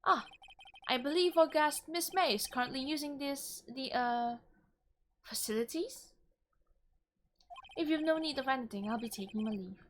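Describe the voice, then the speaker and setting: A woman's voice: high voice, moderate pace, pauses often, lightly acted. A woman voicing a courteous young male hotel bellboy in a put-on British accent. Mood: polite. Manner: courteous, formal, deferential.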